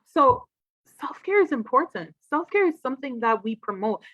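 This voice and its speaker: A woman, a trauma expert, giving an animated, casual talk on a livestream and acting out quoted voices. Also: sits high, normal speed, no echo, low-quality recording.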